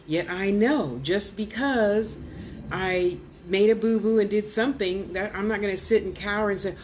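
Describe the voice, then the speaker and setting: Speaking at a normal pace in a medium-pitched voice, a woman vlogger and spiritual teacher casually tells her personal testimony over a faint hiss or hum. She imitates the people she quotes, dips into whispers, and fills gaps with "you know."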